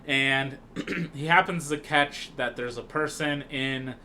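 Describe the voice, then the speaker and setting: A man's voice: mid-range voice, slow, a little hiss or hum. A man co-hosting a podcast, casually recapping a film scene by scene in a rambling way with lots of fillers. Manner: rambling, relaxed, many fillers and restarts. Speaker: podcast co-host.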